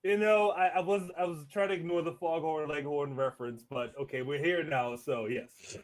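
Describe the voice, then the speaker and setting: A man hosting a podcast in casual chat, relaxed and laughing often, with stammers and restarts. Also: fairly high pitch, moderate pace. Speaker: podcast host. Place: Los Angeles.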